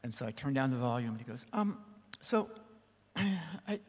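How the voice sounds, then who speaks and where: A man who is a record producer telling a story on a panel, animated and full of lively asides. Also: medium pitch, moderate pace, breathy edge. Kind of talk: anecdotal panel talk. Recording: long reverb in a large hall.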